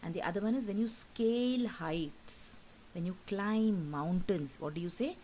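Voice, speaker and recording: Indian English teacher, patient and explanatory. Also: female voice, medium pitch, unhurried, darkish tone, a little hiss or hum, rough recording. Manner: patient and explanatory, repeats points and checks with "okay?". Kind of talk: recorded online class lesson.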